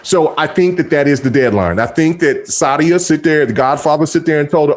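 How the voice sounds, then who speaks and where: A man's voice: a little high, brisk, hardly any pauses. A man hosting a casual gaming podcast, talking in long rambling stretches full of restarts and fillers. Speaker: podcast host.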